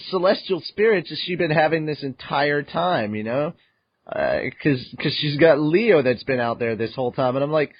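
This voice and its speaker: An animated man hosting a fan podcast recaps a manga chapter at a middle pitch. He acts out his own reactions and swears freely. The sound is dry and a little dull, like a lo-fi home recording. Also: normal speed, no echo. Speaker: podcast host. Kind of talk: casual manga recap chat.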